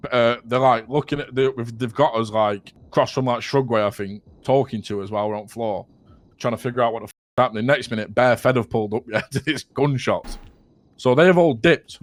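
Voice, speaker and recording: Young man, casual rambling story, laughs often, mid pitch, dry close sound. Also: dry recording. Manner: rambling, swears a lot, keeps laughing at his own story. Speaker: roleplay player telling a story.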